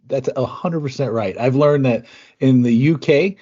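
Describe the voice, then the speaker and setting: Husky-voiced male podcast host, rambling. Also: medium pitch, normal speed, warm tone, dull audio. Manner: rambling, chatty, laughs easily. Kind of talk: casual interview chat.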